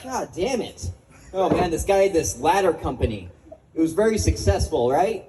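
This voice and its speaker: A young man tells jokes on stage in a high voice that swoops up and down. He swears freely and laughs at his own punchlines. Faint noise hums behind him. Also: sing-song, moderate pace. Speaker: comedian. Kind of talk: stand-up comedy set. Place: open mic venue.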